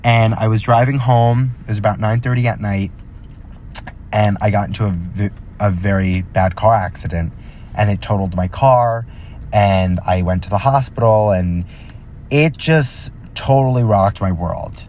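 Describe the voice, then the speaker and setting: A man's voice: lowish voice, unhurried, darkish tone, slight background noise. A young man hosting his own podcast, chatting casually and rambling, joking and talking straight to his listeners. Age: young adult. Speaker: podcast host. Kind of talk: casual solo chat.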